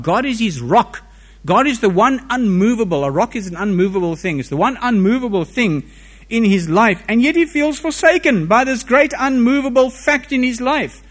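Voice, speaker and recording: A man preaching a sermon, reading scripture and explaining it with expressive rises and falls in pitch and volume.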